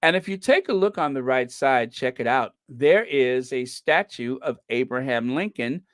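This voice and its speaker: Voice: mid-range voice, animated, moderate pace, dry recording, studio quality. A host from the United States chatting casually on a livestream, giggling at their own jokes and thanking viewers.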